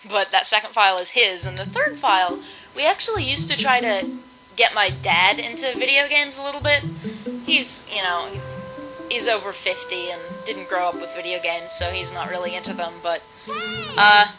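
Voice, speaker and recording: A woman hosting a casual video game playthrough, chatty and self-mocking, now and then bursting into loud shouts. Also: mid-range voice, rough recording. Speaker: let's play host. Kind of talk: casual gameplay commentary. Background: video game music.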